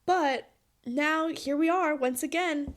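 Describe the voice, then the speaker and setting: A woman's voice: sits high, slow pace. A woman in her late twenties hosting a podcast, talking in a personal monologue, emotional and earnest, pleading and laughing through tears. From Utah. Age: 20s. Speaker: podcast host.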